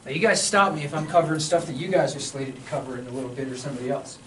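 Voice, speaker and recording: A man's voice: mid-range voice, fairly even intonation, racing, a bit bright. A man giving a casual, joking university lecture in a lecture hall who often checks in with his students. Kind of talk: classroom lecture. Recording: distant mic with faint room hum.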